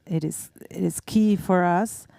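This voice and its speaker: A woman from Uruguay, speaking on a banking panel in a measured, slightly halting way. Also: fairly low pitch, fairly even intonation, gravelly, dark tone, dry recording, clean studio sound. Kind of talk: panel discussion answer.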